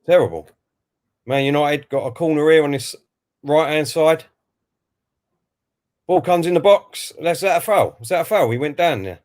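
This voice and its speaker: A fairly high-voiced man talks through a football match as it happens. He reads out messages from viewers and then answers them in a chatty, easygoing way. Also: moderate pace, long pauses, a little mellow. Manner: chatty, reads out chat messages and then gives his view. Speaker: co-host of a football watch-along stream. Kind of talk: live match commentary and reading viewer comments.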